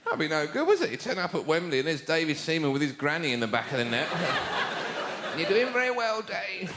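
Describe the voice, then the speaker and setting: Animated English stand-up comic man. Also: fairly high pitch, racing. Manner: animated, shouts mock outbursts. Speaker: stand-up comedian. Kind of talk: live stand-up routine. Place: theatre stage with live audience. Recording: live show recording with audience noise.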